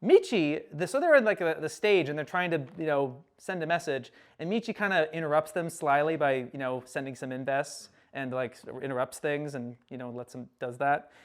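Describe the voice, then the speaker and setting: A young man giving a casual recap lecture, animated, acting out characters' lines with sudden loud outbursts. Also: on the high side, normal speed, few pauses.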